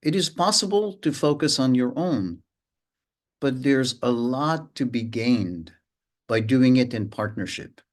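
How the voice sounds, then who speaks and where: A man teaching a mindfulness lesson, speaking slowly with frequent pauses and sometimes humming or sounding out rhythms. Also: mid-range voice, expressive. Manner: unhurried, pauses often, hums and vocalizes rhythms to illustrate. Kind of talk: slow, reflective lesson.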